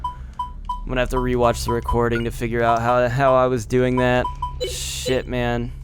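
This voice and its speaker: A man's voice: mid-range voice, monotone, normal speed, music in the background. A man commenting casually on his gameplay, rambling and swearing, laughing at himself, a little tipsy. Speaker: let's play gamer.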